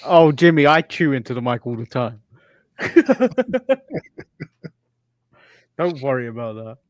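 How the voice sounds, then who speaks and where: A man's voice: mid-range voice, big pitch swings, takes it slowly, no room sound. A man hosting a live stream, giving offhand running commentary and laughing often as he chats. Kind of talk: casual wrestling watch-along chat.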